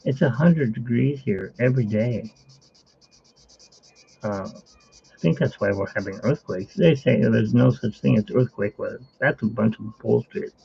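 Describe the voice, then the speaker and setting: A man with a gravelly, husky voice chatting casually as he draws on a live stream, rambling and cutting himself off mid-thought. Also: medium pitch, a little slow, warm tone, muffled recording. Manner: rambling, self-interrupting. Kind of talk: casual chat while drawing.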